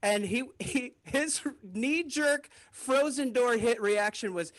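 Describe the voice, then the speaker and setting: A man's voice: very high voice, slow, hardly any pauses, fairly bright tone. A male comedian doing a rambling stand-up set over a video call, often chuckling at his own jokes.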